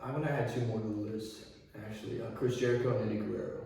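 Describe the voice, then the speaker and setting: A man chatting casually as a podcast guest, slangy and relaxed, now and then slipping into mock voices. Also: lowish voice, racing, creaky. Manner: slangy, laid-back, drops into mock voices for bits. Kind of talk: casual chat. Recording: echoey room, mic at a distance.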